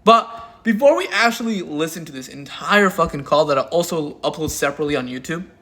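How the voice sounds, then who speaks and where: A man's voice: fairly high pitch, lively intonation, fairly quick, sharp tone. A man doing drama commentary in a crude, mocking and heavily profane way. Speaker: commentary YouTuber.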